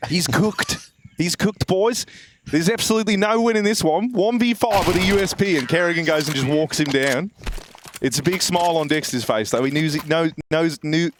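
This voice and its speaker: A British man calls esports play-by-play in a deliberately exaggerated mock Australian accent, his voice sitting a little high. He is jokey and excitable on big plays, and loud game gunfire and clicks run under his commentary. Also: noisy background. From Britain. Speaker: esports caster.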